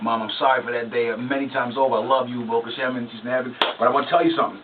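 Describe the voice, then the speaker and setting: A man's voice: mid-range voice, steady tone, racing, recorded from a distance. A man hosting a radio talk show, preaching to parents and telling stories about his own childhood in an emphatic way. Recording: lo-fi phone-like line with hiss, off-mic.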